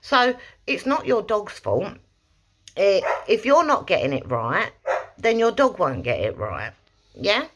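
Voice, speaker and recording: A woman dog trainer giving a casual, rambling tutorial, breaking off to snap out short, sharp demonstration commands. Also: medium pitch, very animated, takes it slowly, background noise. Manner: chatty, rambling, snaps out sharp demo commands.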